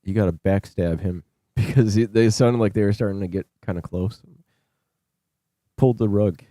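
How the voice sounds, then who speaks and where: A man's voice: on the low side, normal speed, dark tone, no room sound, studio quality. A man hosting a scam-baiting livestream, chatting casually and rambling while he thanks viewers for gifted subs.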